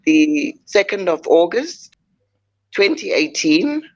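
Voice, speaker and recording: An older woman, a guest telling a personal story in a measured, heartfelt way with frequent pauses. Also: fairly low pitch, very animated, lo-fi sound. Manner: measured, heartfelt, pausing often.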